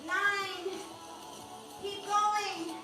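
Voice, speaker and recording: A young woman guides a live home leg workout, coaching form and counting reps in an upbeat, chatty way. Her voice sits high and she stands back from the mic in a very echoey room. Clear music plays behind her. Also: fairly even intonation, very slow, far from the mic. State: out of breath at times. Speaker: fitness instructor.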